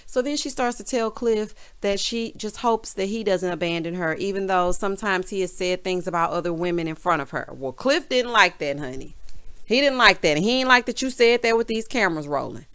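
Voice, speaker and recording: A sassy woman with a Southern US drawl dishes on a reality show like she's gossiping with friends. She keeps tossing in "honey" and "child" with lively, animated delivery. Her voice sits at an ordinary middle pitch for a woman. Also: a little fast, smooth. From American South. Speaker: reality TV recap vlogger. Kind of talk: casual sassy recap chat.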